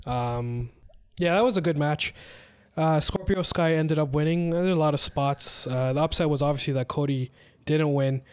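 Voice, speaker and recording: Rambling man with a higher voice. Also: moderate pace, darkish tone, smooth. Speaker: podcast co-host. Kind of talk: casual chat.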